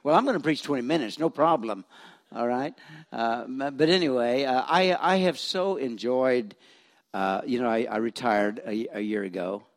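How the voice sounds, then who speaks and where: A man's voice: mid-range voice, normal speed. A retired pastor in his seventies from Missouri preaching in a church, telling stories with self-deprecating humor and frequent restarts. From Missouri, USA. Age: 70s. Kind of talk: folksy storytelling sermon.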